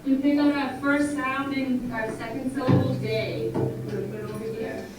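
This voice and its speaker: A woman teacher leading a phonics lesson in a classroom, brisk and encouraging, calling on children by name, recorded from a distant camera. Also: sits high, level tone. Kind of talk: classroom instruction. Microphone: far camera. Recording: distant, very echoey noisy classroom video.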